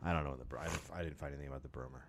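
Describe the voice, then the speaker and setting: A man's voice: rumbling low, fairly even intonation, racing, slight background noise. A man co-hosting a casual, profane comedy chat, joking and reading bits of history aloud.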